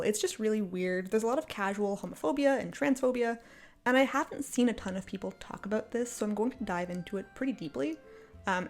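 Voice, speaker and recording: A woman ranting casually about a TV show from her apartment, exasperated and sarcastic, laughing often. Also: mid-range voice. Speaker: video creator. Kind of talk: casual commentary rant. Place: apartment, indoors. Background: faint cafe music.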